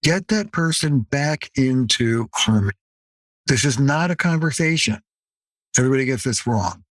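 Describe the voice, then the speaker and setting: A man's voice: mid-range voice, animated, normal speed, no room sound. Emphatic older man, dry sound. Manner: emphatic, punchy, playful asides. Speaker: therapist and author guest. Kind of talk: podcast interview.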